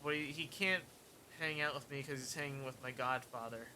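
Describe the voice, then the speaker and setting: A man's voice: medium pitch, a little fast, pushed and bright, a little hiss or hum. A man streaming a cleaning game, casually narrating his progress in muttered asides and dry jokes. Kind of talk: casual gameplay commentary.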